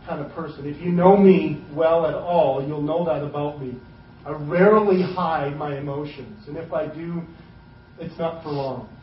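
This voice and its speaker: A man's voice: on the high side, a little hiss or hum. Man preaching in a roomy hall. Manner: casual, conversational preaching with acted asides. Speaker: pastor. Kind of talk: sermon. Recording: roomy, distant, dull sermon recording.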